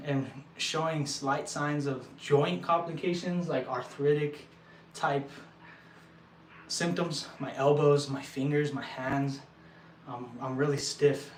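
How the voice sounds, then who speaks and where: A man's voice: medium pitch, slight background noise. Breathless young man, echoey room. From El Paso, Texas. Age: young adult. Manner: earnest, halting, with frequent restarts. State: short of breath. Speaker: vlogger. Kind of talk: casual talk to viewers. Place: indoor building site. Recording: echoey room, mic at a distance.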